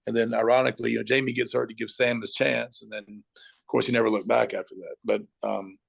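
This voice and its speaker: A middle-aged man with a strongly gravelly voice, speaking as a high school football coach on an interview show. He tells stories with animation and acts out scenes. His pitch sits in the middle range. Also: fairly quick. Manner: animated storyteller, acts out shouting at the TV. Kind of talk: podcast interview guest.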